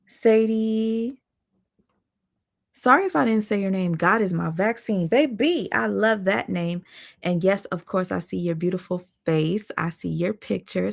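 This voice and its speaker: Slow, gravelly woman chatting on a live stream. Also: medium pitch. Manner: chatty, excitable, giggly, greets viewers by name. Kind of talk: casual live-stream chat greeting viewers.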